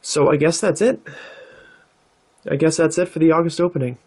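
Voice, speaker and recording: A man hosting his own card-opening vlog, talking in a relaxed, thoughtful way with plenty of "uh"s and "um"s. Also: a little high, normal speed, breathy edge. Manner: relaxed, thoughtful, with many fillers. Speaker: card-opening channel host. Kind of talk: casual vlog narration.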